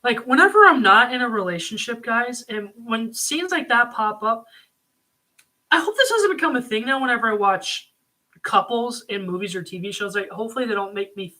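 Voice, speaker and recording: A man talking casually at home, reviewing a TV series in a rambling, excitable way with lots of fillers. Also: sits high, normal speed. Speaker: video reviewer. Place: home room.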